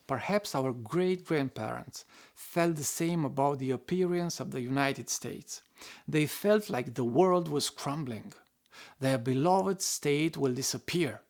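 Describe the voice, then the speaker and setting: Gravelly man narrating an essay. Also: a little high. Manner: reflective, occasional wry asides.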